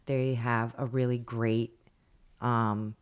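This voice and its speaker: A woman's voice: very deep voice, level tone, clean tone. A woman co-hosting a podcast in casual chat, often hunting for words with fillers. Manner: halting, gropes for words with fillers. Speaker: podcast co-host.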